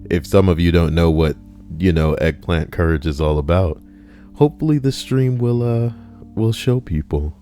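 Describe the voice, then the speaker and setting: A man's voice: normal speed, mellow, soft background music. A man reading stories aloud on a live stream, joking and chatting with his viewers between entries, often slipping into silly voices. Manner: jokey, breaks into squeaky silly voices.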